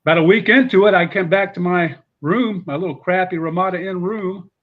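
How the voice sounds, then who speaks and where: A middle-aged man with a fairly high voice recounts his coaching days in an animated, rambling way, full of "you know" asides. The recording sounds a little dull and muffled. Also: a little fast. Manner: animated storyteller with many fillers. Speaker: guest, former football coach. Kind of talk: casual storytelling interview.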